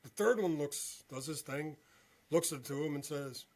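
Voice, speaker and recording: A male veteran and podcast guest telling a story in an animated way, often checking in with "okay?". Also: on the high side, normal speed. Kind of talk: storytelling interview.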